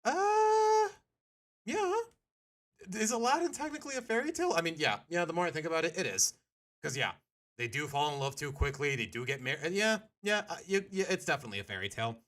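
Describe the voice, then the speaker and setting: Rambling young man streamer, animated. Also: fairly high pitch, brisk. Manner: rambling, talks to chat, self-correcting. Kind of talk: casual reaction stream.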